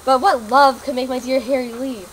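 A woman's voice: sits high, fairly even intonation, moderate pace, slight background noise, lightly acted, poor audio. A woman playing a desperate, pleading young witch searching for her love. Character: young witch, distraught lover.

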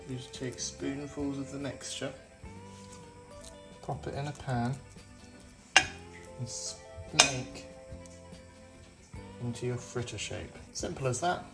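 Chatty man vlogging his cooking. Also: mid-range voice. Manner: chatty, upbeat, self-deprecating. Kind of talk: casual cooking vlog narration.

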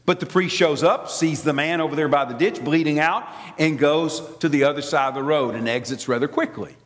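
A man with a Southern American accent from Alabama, preaching a sermon as an animated, theatrical storyteller. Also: fairly high pitch, a little fast. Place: large church sanctuary. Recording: long church reverb.

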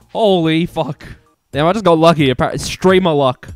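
Young male game streamer, slightly high voice, unhurried, excitable and self-mocking. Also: no room sound, faint music behind. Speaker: gaming streamer. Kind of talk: casual gameplay commentary.

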